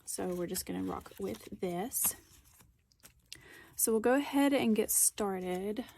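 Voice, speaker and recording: A woman's voice: mid-range voice, slow, a little mellow. A young woman chatting casually on her budgeting vlog while sitting on the floor at home, self-deprecating and counting bills aloud. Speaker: budgeting vlogger.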